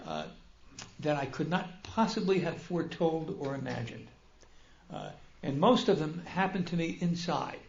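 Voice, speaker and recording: An older man with a gravelly, fairly high voice tells his personal story at a recovery convention, full of wry, self-mocking humor and animated bursts. He addresses a large meeting hall, and the dull, roomy recording echoes around him.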